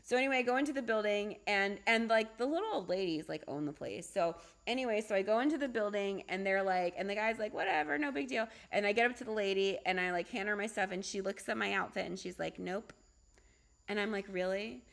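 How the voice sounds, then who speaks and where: A middle-aged woman, a holistic doctor, talking casually on a livestream, chatty and animated, often asking "right?" and laughing. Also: medium pitch, fast talker, hardly any pauses. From United States. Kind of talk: casual livestream talk with storytelling.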